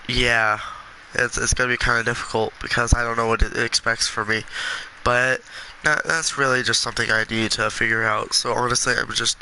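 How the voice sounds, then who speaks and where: A congested man talking earnestly and with passion in a gaming vlog, with halting restarts. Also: medium pitch, fairly even intonation, sharp tone, a little hiss or hum, low-quality recording. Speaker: gaming video creator.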